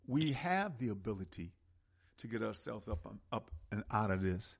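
A man hosting a call-in radio talk show, speaking with an impassioned, preaching cadence and slow, emphatic stresses. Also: on the low side, very animated, creaky, breathy edge.

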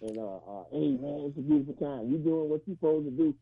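Caller: high, gravelly man on a tinny phone line, loose and street-casual. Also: wildly swooping pitch, fast. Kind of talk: casual call-in talk.

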